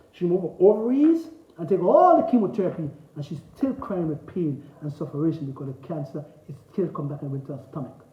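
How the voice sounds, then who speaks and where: A man giving preachy, emphatic health advice in a casual talk straight to his viewers, repeating his commands. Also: a little high. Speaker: natural health promoter. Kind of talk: casual direct-to-camera talk. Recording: dull lo-fi sound.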